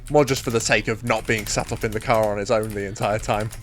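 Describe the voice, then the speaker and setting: A man's voice: on the low side, fast, a little hiss or hum. A man co-hosting a podcast, chatting casually about fan writing and acting out character lines as he talks. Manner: animated, acts out character lines while talking. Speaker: podcast co-host.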